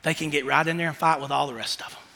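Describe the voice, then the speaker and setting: High, bright-voiced preacher in a reverberant hall. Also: male voice, racing, creaky. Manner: animated, swings from hushed questions to shouted emphasis. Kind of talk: sermon.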